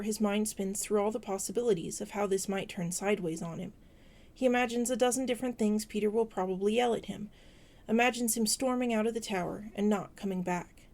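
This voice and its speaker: A woman narrating a fan fiction story as a podfic reader, in a steady, even reading voice. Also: medium pitch.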